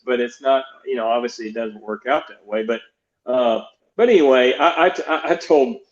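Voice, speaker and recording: A man's voice: mid-range voice, normal speed. Older man rambling through coaching stories. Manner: rambling, many restarts, quotes others in dialogue. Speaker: guest, baseball pitching coach. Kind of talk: storytelling interview. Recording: roomy, dull lo-fi sound.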